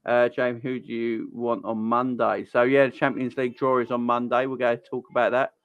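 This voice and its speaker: A man's voice: medium pitch, level tone, a little fast, clean tone, no room sound, narrow, tinny audio. A man in his thirties with a Cockney accent, hosting a casual football live stream from home, chatting and greeting viewers by name. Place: home, children in next room.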